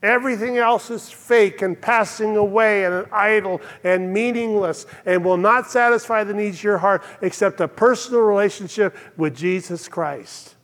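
A man's voice: high voice, long reverb tail. An older man preaching a sermon in a church, earnest and emphatic, his voice rising to exclamations. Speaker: pastor.

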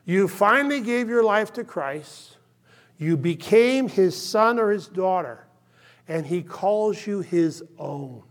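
A male pastor preaching a sermon, impassioned and then hushed, checking in with "okay?" often. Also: sits high, lively intonation, slow pace. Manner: impassioned, drops to hushed tones, frequent "okay?" check-ins.

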